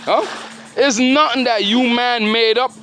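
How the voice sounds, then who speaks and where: A man's voice: extremely high pitch, steady tone, unhurried, bright, forceful tone, soft background music. A man delivering a rambling, grandiose monologue, preachy and full of rhetorical questions. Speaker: self-styled spiritual speaker.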